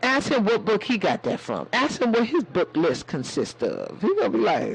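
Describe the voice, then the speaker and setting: A man's voice: sits high, huge pitch swings, normal speed, gravelly, husky, low-quality recording. A man hosting a casual livestream chat in a sassy way, calling his viewers baby and honey. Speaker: livestream host.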